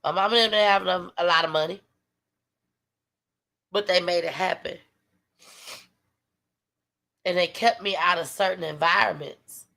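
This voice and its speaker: A woman's voice: fairly low pitch, unhurried, creaky, pauses often, bright, forceful tone. A woman hosting a livestream, talking heartfelt and tired to her viewers, sometimes dropping to a whisper. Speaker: livestream host. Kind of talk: emotional livestream talk.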